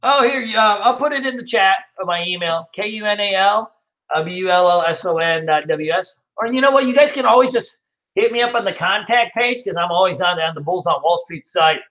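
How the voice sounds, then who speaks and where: A man's voice: high-pitched, animated, a little fast, pushed and bright, lo-fi sound. A man hosting a casual trading webinar, answering viewer questions in a loose, rambling way with many fillers.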